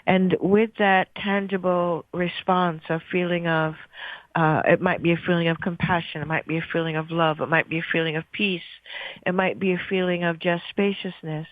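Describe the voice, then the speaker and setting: A woman radio host slowly guiding listeners through a breathing meditation in a soothing, gentle way. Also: fairly low pitch, level tone, dry recording. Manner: slow, soothing, gentle guidance. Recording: tinny phone-like line.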